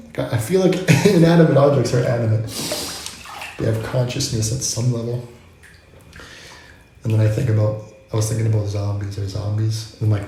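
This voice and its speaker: A man's voice: on the low side, steady tone, brisk, long pauses, warm tone, slight background noise. A man vlogging, musing in a loose, rambling way full of asides. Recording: very echoey room.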